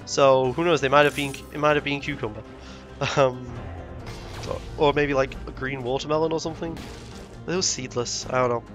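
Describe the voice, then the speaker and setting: A man's voice: mid-range voice, fairly even intonation, normal speed, over music. A young man vlogging casually, rambling with frequent self-corrections and indignant asides. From Britain. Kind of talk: casual rambling travel vlog.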